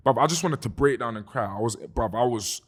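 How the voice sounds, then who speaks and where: A man's voice: mid-range voice, brisk. A young man with a London accent tells a story in a casual podcast chat. He talks animatedly, swears freely and says "bruv" a lot. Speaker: guest musician.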